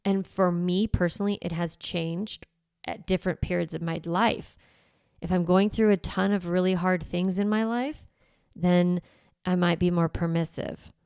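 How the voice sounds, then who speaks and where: A woman's voice: fairly low pitch, steady tone, moderate pace, a little mellow, smooth, no room sound, clean studio sound. A middle-aged woman hosting a parenting show, talking through ideas in a conversational, reflective way and often correcting herself mid-sentence. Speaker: parenting coach and podcast host. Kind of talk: casual teaching monologue.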